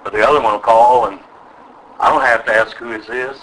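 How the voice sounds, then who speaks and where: A man's voice: mid-range voice, fairly even intonation, brisk, a bit bright, slight background noise, poor audio. An older man preaching a sermon, emphatic and drawing call-and-response from his listeners. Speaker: pastor.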